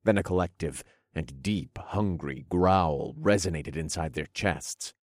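Deep-voiced man narrating dark fantasy. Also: a little slow, no echo, studio quality. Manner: dramatic, dark storytelling. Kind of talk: audiobook narration.

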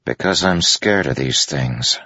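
A man's voice: extremely low pitch, measured pace, pushed and bright, dry recording, exaggerated voice. A man voicing a blunt, guarded young soldier who talks tersely and matter-of-factly. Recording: dry, dull lo-fi sound.

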